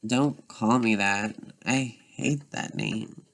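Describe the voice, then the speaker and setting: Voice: medium pitch, slow pace, noisy background. A teenage daughter, hurt and defensive, who argues back and pleads with her mother, as a doll-drama performer voices her. She talks unhurriedly, and her voice sits in a middle register.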